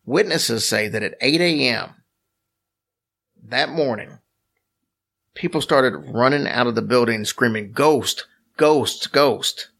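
On a laid-back podcast, a man co-hosting reads through a story from his notes with wry quips. His gravelly voice sits at an ordinary pitch and has a sharp tone. He keeps a measured pace and pauses often.

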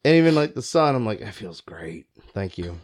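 A man's voice: fairly low pitch, sing-song, normal speed. A man co-hosting a podcast, chatting enthusiastically and swearing casually. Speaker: podcast co-host. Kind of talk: casual chat.

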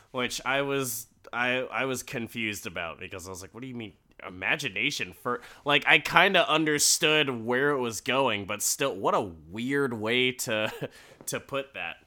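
A man casually recapping a show, animated and profane, breaking into quoted voices and laughing. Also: medium pitch, a little slow.

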